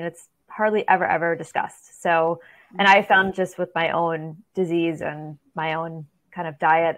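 A woman guest on a podcast, a dietitian, speaking earnestly with some hesitation. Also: fairly low pitch. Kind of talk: casual interview.

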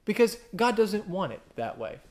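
Man, pastor, conversational sermon, fairly high voice, wry asides, lively acted quotes. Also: normal speed. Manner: animated, acts out quotes with big pitch jumps.

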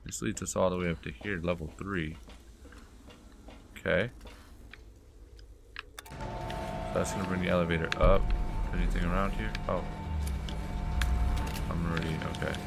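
Gravelly, exasperated game streamer man. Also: deep voice. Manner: exasperated muttering with frequent swearing. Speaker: gameplay host. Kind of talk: casual game playthrough commentary. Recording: noisy home recording.

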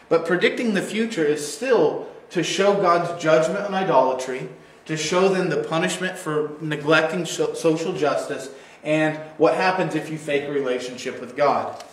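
Man teaching with casual asides, echoey room. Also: on the high side. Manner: casual, digressive, acts out quoted voices playfully. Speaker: church Bible teacher. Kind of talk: recorded teaching video.

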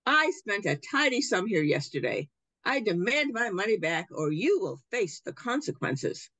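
A woman's voice: medium pitch, big pitch swings, normal speed, a bit bright, no room sound. A woman reading aloud as a rich, haughty father in a storybook, curt and demanding. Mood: angry.

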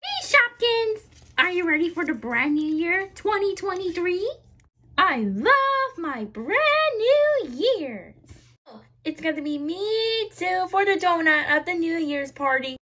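High, bright woman playing with toys. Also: slow. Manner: excited, sing-song, cheerful. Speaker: toy play narrator. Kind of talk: playing with toys and voicing them.

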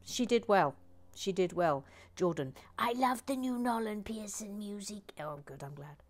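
A woman hosting a relaxed live Lego build, reading chat aloud with dry humour and murmuring asides while she works. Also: mid-range voice, a little slow.

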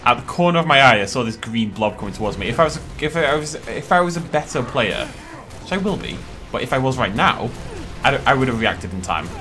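A man's voice: mid-range voice, big pitch swings, fairly quick, over music. A British man hosting a let's play, chatting casually and animatedly as he plays and often laughing at himself. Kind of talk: casual gaming commentary.

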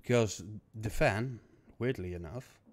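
A man with a hoarse, coughing voice, muttering to himself in casual gameplay commentary and breaking into frustrated outbursts. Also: lowish voice, a little slow, a little hiss or hum. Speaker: gaming streamer.

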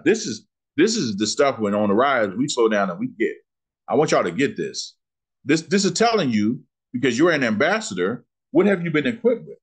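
A man, teaching a Bible lesson in sermon style, asking questions and slowing down to read scripture. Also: medium pitch, husky. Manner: preacherly, asks questions and answers them, slows down on scripture.

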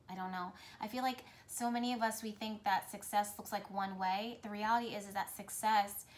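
A spiritual reader, a woman with a medium-pitched voice, addresses her viewers directly in an intuitive message to camera. Her talk flows along earnestly and repeats itself, with slight noise in the background.

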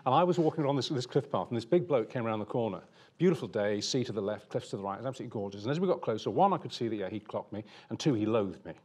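A middle-aged man, a TV presenter, telling an animated anecdote on stage and laughing often. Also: medium pitch, rapid-fire, husky.

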